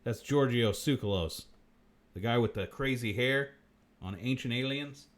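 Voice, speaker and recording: A man hosting a comic livestream, rambling through odd facts with constant swearing and deadpan asides. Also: medium pitch, a little slow. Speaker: host.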